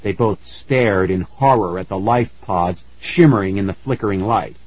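A man narrating a spooky children's story in an expressive storytelling manner, in a slightly muffled recording. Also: sits low, moderate pace, few pauses, breathy edge, no room sound.

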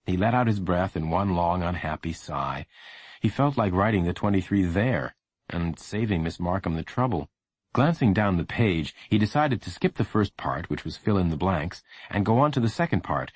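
Low, expressive male storyteller. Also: moderate pace, slightly rough, no room sound. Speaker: narrator. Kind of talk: audiobook narration.

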